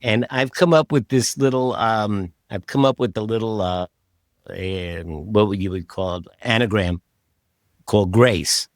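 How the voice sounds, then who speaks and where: Male podcast host, low voice, easygoing rambler, dry close sound. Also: a little slow, no room sound. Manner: relaxed, rambling with many fillers and restarts. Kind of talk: casual interview chat.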